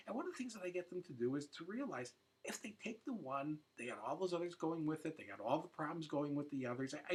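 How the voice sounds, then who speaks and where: Animated man explaining, repeating words. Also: a little high. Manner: repeats words while thinking, emphatic. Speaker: smoking cessation educator. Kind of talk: unscripted explanatory monologue.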